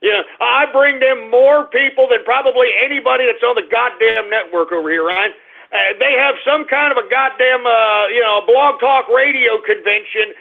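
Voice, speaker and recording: Male talk radio host, high gravelly voice, angry cursing rant, phone-thin sound. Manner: angry, cursing, swings between grumbling and shouting. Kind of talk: ranting internet radio talk. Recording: tinny phone-like radio stream.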